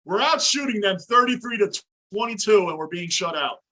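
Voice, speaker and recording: High, bright-voiced ranting sports fan man. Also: lively intonation, moderate pace. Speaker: livestream host. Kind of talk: live sports reaction commentary. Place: home basement.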